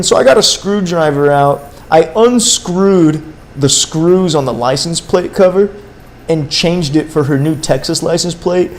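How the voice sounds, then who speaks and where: A man's voice: a little high, a little slow. A young man streaming a game and telling a long story in a rambling, slangy way, with many fillers and restarts. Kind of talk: casual livestream storytelling.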